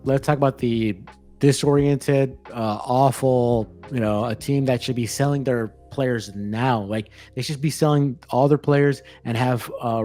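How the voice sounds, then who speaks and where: A man's voice: mid-range voice, dark tone. A man co-hosting a sports betting podcast, rambling and ranting with many restarts in casual chat. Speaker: podcast co-host.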